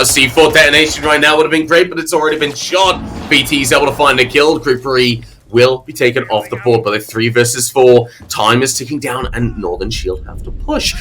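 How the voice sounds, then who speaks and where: Bright-voiced male esports play-by-play caster. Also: mid-range voice, slight background noise. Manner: energetic, quick play-by-play calls. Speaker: esports commentator. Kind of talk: play-by-play commentary.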